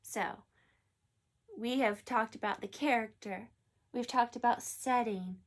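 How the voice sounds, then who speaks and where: A woman teacher reading a picture book aloud in an animated way and then asking her class questions about it. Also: on the high side, takes it slowly.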